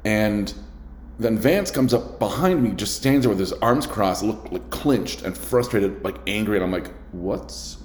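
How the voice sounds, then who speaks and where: A man's voice: on the low side, moderate pace, slight background noise. A man, a restaurant server, telling a story in a casual, rambling way, full of filler words and restarts. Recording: echoey room.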